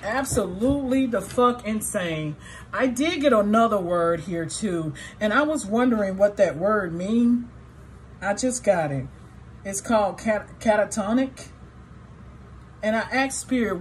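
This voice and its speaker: Her voice sits in the middle range, lively in pitch and a little slow, with a faint hiss or hum on the recording. This tarot reader speaks frankly and profanely to her viewers, alternating between grief and outrage.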